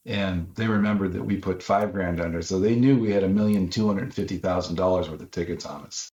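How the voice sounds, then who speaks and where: An author from Los Angeles, appearing as a guest, tells a story animatedly and acts out quotes in a raised voice. He speaks a little fast, low-pitched and a little mellow. The audio is roomy and slightly dull.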